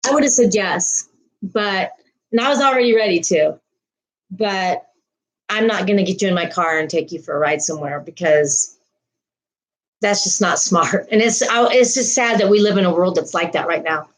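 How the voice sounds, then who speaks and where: A woman's voice: medium pitch, normal speed, poor audio. A woman hosting a casual livestream, rambling through a story and greeting viewers' comments. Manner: frequent laughs and restarts. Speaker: livestream host.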